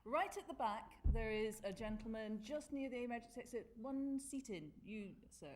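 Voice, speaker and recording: Higher-voiced woman running the q&a, teasing, bit of noise behind. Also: animated, normal speed. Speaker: moderator. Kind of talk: hosting audience Q&A.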